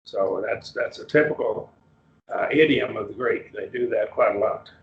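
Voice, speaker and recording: Man teaching a Bible class, gravelly. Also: on the low side, a little hiss or hum. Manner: explains slowly, quizzing students, many restarts. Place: church classroom. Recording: roomy, muffled class recording.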